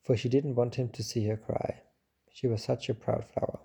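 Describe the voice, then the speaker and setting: Gravelly, dark-voiced male storyteller. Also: medium pitch, fairly even intonation, normal speed. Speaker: audiobook narrator. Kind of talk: storybook narration.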